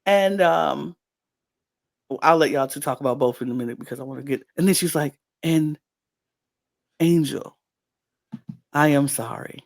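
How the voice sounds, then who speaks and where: Gravelly-voiced podcast host, lively and laughing. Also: medium pitch, normal speed, pauses often. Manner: animated, laughs often, acts out quotes. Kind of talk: casual chat.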